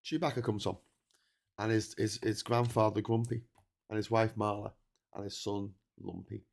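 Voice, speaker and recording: A man talks casually on a marathon livestream, reading viewer messages aloud. He is excitable and quick to laugh, often stumbling and restarting his sentences, and sounds tired from the long stream. His voice sits at an ordinary middle pitch. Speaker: livestream host.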